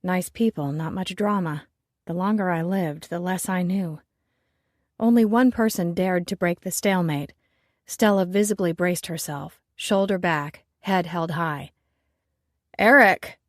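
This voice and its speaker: A woman narrating a romance audiobook in the first person, with measured, wry storytelling. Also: fairly low pitch, darkish tone, no room sound, studio quality.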